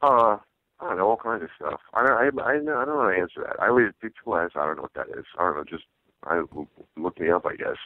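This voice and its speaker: A man, a stand-up comedian, talking casually in an interview, halting and restarting often. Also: on the low side, animated, dry recording. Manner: halting, with many restarts and fillers. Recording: dry, tinny phone-like sound.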